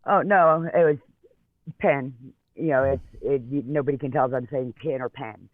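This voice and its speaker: A man's voice: medium pitch, fairly quick, no echo. A male co-host with a slight Southern accent, chatting casually and easygoing, laughing often. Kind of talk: casual chat. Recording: tinny phone line.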